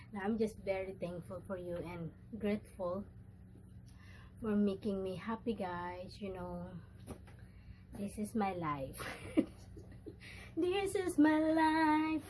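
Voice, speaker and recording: A woman with a Filipino accent, chatting excitedly and slipping in Tagalog words while unboxing a package for her vlog in a room indoors. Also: mid-range voice, a little hiss or hum. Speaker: vlogger.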